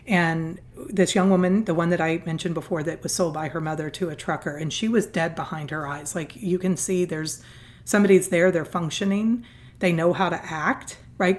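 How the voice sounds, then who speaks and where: Middle-aged female guest, earnest and animated storyteller, slightly low register. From Southern California. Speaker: guest, nonprofit founder. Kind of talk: conversational storytelling interview.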